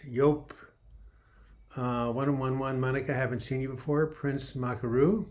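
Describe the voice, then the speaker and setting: A man's voice: medium pitch, fairly even intonation, unhurried, darkish tone. An older man in his seventies chats on a casual livestream, wandering from one joke to the next as he greets viewers by name. His throat sounds a little dry. He speaks from home into a computer mic. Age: 70s. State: dry throat with occasional coughing. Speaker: livestream host.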